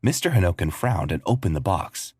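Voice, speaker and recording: A man with a husky voice narrating a scripted story. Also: deep voice, lively intonation, brisk, a little mellow, no echo, studio quality.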